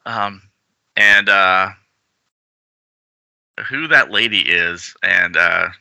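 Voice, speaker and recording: A man's voice: sits low, very slow, creaky, pushed and bright, no echo, rough recording. A man hosting a casual chat about comics, reading panels aloud and laughing along. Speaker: podcast host. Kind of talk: casual comic-book discussion.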